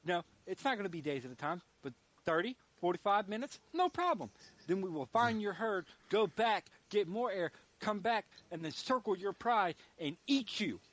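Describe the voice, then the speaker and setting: A man putting on an absurdly earnest Will Ferrell-style character, raising his pitch in a pompous, blustering rant. The voice sits higher than usual and lectures with mock confidence. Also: sing-song, moderate pace, fairly bright tone.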